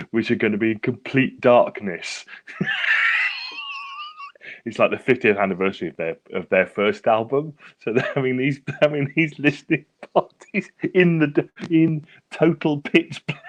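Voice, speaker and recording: A man's voice: on the low side, fairly bright tone. A British man co-hosting a casual chat show who laughs a lot and tells anecdotes. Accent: British English. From England. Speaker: podcast co-host.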